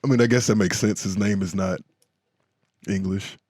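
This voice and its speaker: A man's voice: low-pitched, steady tone, moderate pace, a little mellow, no room sound, studio quality. An American man co-hosting a podcast in casual chat, joking, repeating himself and laughing often. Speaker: podcast co-host.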